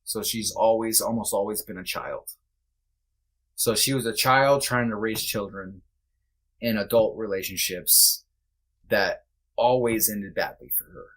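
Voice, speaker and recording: Podcast guest, male, lowish voice; earnest, reflective, halting delivery. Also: fairly even intonation, fairly bright tone. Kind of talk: candid conversation.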